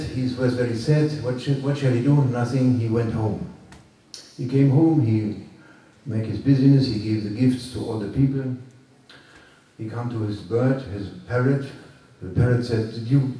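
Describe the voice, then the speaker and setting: A man telling a teaching story to a workshop group, halting and repeating himself, with moralizing asides. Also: mid-range voice, warm tone. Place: workshop room. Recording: echoey room from far off.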